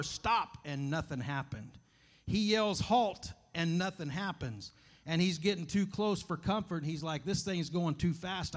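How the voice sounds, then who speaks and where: Earnest man preaching a folksy sermon. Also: fairly high pitch. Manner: folksy storyteller, earnest and conversational. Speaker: guest preacher. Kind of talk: sermon with scripture reading, prayer and storytelling. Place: church sanctuary.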